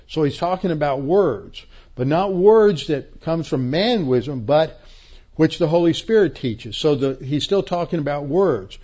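A man's voice: a little high, expressive, measured pace, warm tone, lo-fi sound. Man teaching Scripture emphatically. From Texas. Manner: emphatic, repeats key words, frequent restarts. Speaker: pastor teacher. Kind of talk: expository Bible teaching.

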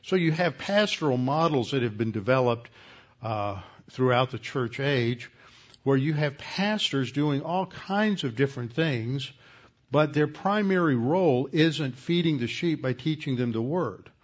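A man at a middle pitch, teaching a Bible lecture in a steady, explanatory manner and correcting himself as he goes. The recording sounds a bit dull and muffled. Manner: measured, explanatory, self-correcting.

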